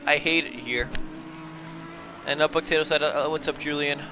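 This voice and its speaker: A man's voice: fairly high pitch, fairly even intonation, moderate pace, noisy background. A young man commentating a sim race live while fighting a bout of hiccups, apologising and laughing at himself between calls. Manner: flustered, self-mocking, apologetic between calls.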